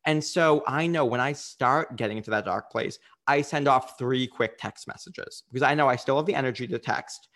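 A man's voice: mid-range voice, normal speed, hardly any pauses, fairly bright tone. A man speaking as a coach in a candid interview, earnest and reflective, with frequent fillers.

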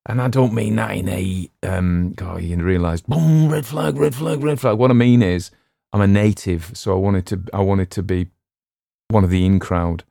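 With a deep, creaky, warm voice and fairly even intonation, a middle-aged man from West Cumbria, England, talks at a moderate pace in a Cumbrian accent. He's an audiobook narrator and story channel host, casually chatting on a dry, studio-quality recording. His talk is rambling and self-deprecating, with frequent fillers and restarts.

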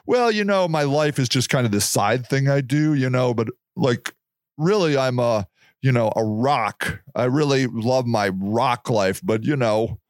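A bland, shrugging grown man drones along in a flat, lowered mumble, as a man in his forties puts him on in a monologue. The voice sits close and dry, with no room echo. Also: a little slow, close to an everyday voice. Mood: mocking.

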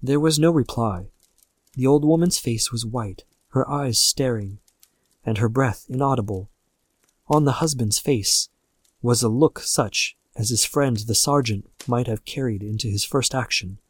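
A man narrates a classic tale of terror at a measured pace. His voice sits in an ordinary middle range, recorded close and dry with no room sound. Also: medium pitch, slightly rough, dry recording. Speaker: podcast narrator. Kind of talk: reading a classic horror story aloud.

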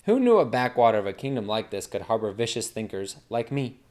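Low-voiced man narrating a comic fantasy tale. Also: big pitch swings, fairly quick, a little mellow.

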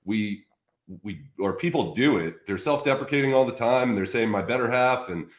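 A man with a fairly low voice speaks as a podcast guest, direct and matter-of-fact. His voice carries a noticeable room echo. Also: animated, normal speed. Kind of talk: casual podcast conversation.

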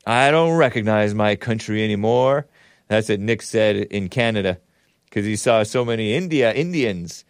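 A man's voice: medium pitch, expressive, takes it slowly, clear, resonant tone, dry recording, studio quality. A man hosting a casual solo talk show, rambling sardonically, laughing at his own jokes and spelling words out letter by letter. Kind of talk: casual solo commentary reading super chats.

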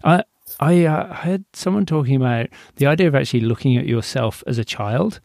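A man hosts a conversational podcast, his voice gravelly with creaky fry and recorded close and dry with no room sound. He responds supportively, feeling his way through each thought with fillers and false starts. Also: medium pitch, animated, fairly quick, a little mellow, no room sound. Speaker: podcast host. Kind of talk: conversational interview.

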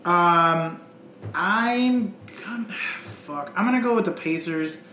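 A high-voiced man argues his opinions in casual sports chat, swearing freely. His voice bounces around an echoey room with a faint hiss behind it. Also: takes it slowly, bright, forceful tone. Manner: opinionated, profane, argumentative. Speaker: podcast co-host.

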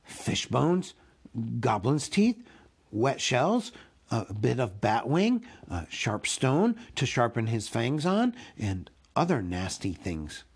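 A man reading a storybook aloud as a podcast host, with an expressive, unhurried delivery. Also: mid-range voice, breathy edge.

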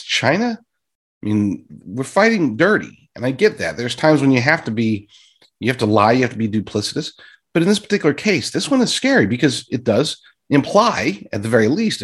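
A man's voice: medium pitch, slightly rough. A man giving sarcastic, rambling political commentary and addressing his listeners directly. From United States.

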